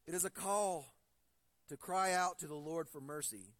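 A man's voice: a little high, moderate pace, fairly bright tone, no echo. A man in his forties preaching a sermon, earnest and building to emphatic stresses, weaving personal stories into his point. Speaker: pastor.

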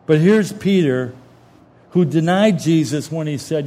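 A man delivering a sermon with a somewhat high-pitched voice. He preaches in a lively, colloquial way, slipping into casual, street-level phrasing as he retells scripture stories. The feel is warm storytelling from the pulpit rather than formal recitation. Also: a little slow.

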